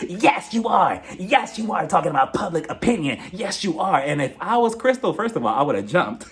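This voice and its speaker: Animated gossipy man recapping reality TV. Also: high-pitched. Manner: animated, gossipy, acts out quotes in mock voices. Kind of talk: casual commentary.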